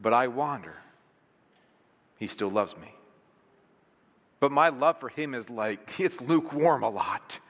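A man's voice: mid-range voice, animated, a little slow, long pauses, a bit bright. A man, a pastor, preaching a sermon in a conversational way with rhetorical questions, in a church sanctuary. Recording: long reverb of a large hall.

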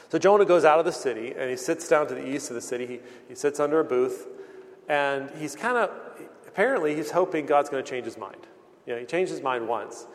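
Earnest preacher in a reverberant hall. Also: male voice, mid-range voice. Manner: earnest, plain-spoken, with repeated restarts. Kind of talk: sermon.

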